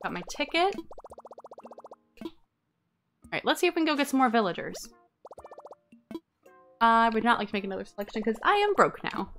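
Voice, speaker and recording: A woman's voice: a little high, soft background music. A young adult woman streaming a life-sim game, chatting casually and reading game text aloud. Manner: chatty, reads game text aloud, quick swings from excited to irritated. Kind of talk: casual let's-play commentary.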